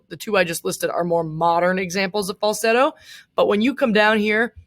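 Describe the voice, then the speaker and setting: A woman's voice: mid-range voice, a bit bright. A young woman teacher giving a casual recorded lecture, chatty, with many fillers and asides.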